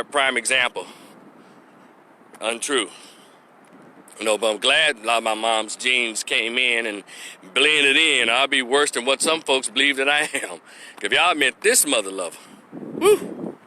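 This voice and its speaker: A man telling a personal story, animated, laughing and acting out the voices of the people in it. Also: medium pitch, normal speed, slight background noise. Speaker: vlogger. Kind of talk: casual storytelling vlog.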